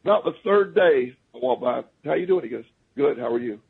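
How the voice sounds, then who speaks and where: A man's voice: mid-range voice, lively intonation, a little fast, creaky, breathy edge. A man guest on a talk radio show, telling stories in a rambling, casual way with many restarts. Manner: rambling, restarts often, chuckles at his own stories. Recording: phone-line radio call.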